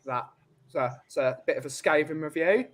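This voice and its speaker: A man's voice: on the high side, moderate pace. A man hosting a casual podcast, reading out reviews and quizzing his guests. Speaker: podcast host running a quiz segment. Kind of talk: casual chat.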